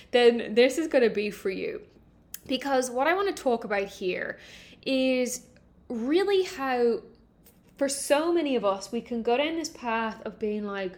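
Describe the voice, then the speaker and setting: A woman hosting her own podcast, talking in a chatty, upbeat and animated way. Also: fairly high pitch, normal speed. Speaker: podcast host, holistic gut coach. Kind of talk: casual podcast chat.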